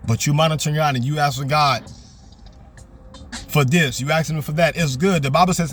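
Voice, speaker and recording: A man's voice: a little high, fairly even intonation, a little fast, pauses often, a bit bright, soft background music. A man preaching a fervent, repetitive sermon from his parked car. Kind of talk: motivational sermon.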